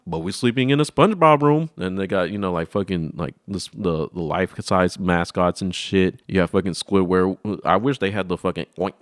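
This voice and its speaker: A man's voice: low voice, fairly quick, dry recording, studio quality. A young man hosting a casual talk show, rambling through profane childhood stories and acting out the voices in them. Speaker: podcast host. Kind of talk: casual storytelling chat.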